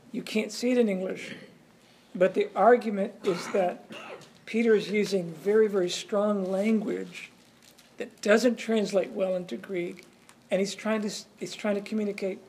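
A man's voice: high voice, creaky, darkish tone, slight background noise. A man teaching a Bible study in a sermon style, reading scripture aloud and explaining it earnestly with frequent restarts.

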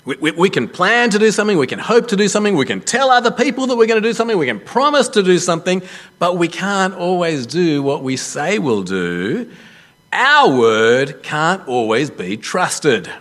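A man preaching a sermon as a pastor, telling a story with lively self-deprecating humour. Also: high-pitched, moderate pace.

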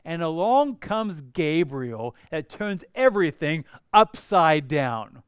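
A man preaching a sermon as a pastor, animated and conversational, with personal asides. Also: fairly high pitch, slow, clean tone, no echo, studio quality.

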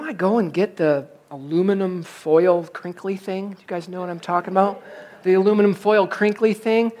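A middle-aged man preaching a sermon in a church. He tells stories with lively energy and pokes fun at himself, sometimes acting out his own frustration. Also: high voice. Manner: animated, self-mocking storyteller who acts out his frustration. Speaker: pastor. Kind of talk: sermon with a personal story.

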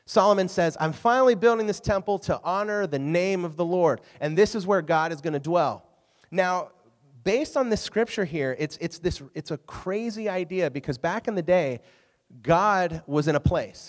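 A man preaching to a youth group, his voice set a touch high for a man. He talks in a casual, animated way and keeps checking in with the listeners. His words ring out with the long reverb of a hall. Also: moderate pace. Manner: animated, asks the audience questions. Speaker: youth pastor. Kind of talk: youth sermon.

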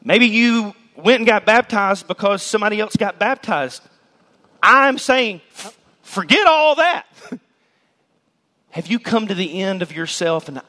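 Pastor, male, high voice; emphatic sermon in a reverberant church hall, shouts key words. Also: expressive, measured pace. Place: church sanctuary.

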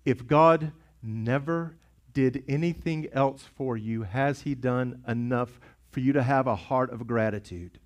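A man's voice: mid-range voice, steady tone, unhurried. A man preaching a sermon as pastor, impassioned and urgent, often repeating himself for emphasis. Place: church sanctuary.

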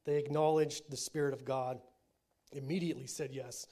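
A man preaching a sermon. He talks with his congregation, often checks in with them, and moves between quiet, low statements and loud, emphatic declarations. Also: fairly even intonation, moderate pace. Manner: conversational preaching with frequent check-ins to the congregation. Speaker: pastor.

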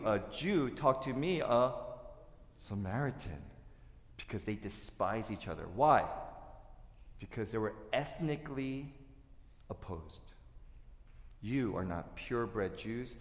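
A man preaching a sermon as pastor, telling stories and acting out quotes in a lively way. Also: medium pitch, measured pace, pauses often. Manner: storytelling, lively asides and acted-out quotes. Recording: echoey hall.

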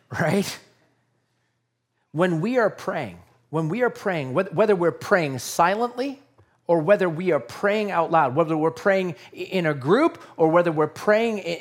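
A male pastor delivers a sermon at an unhurried pace, his slightly high voice rising and falling in a lively way. He speaks earnestly and conversationally, often turning to rhetorical questions.

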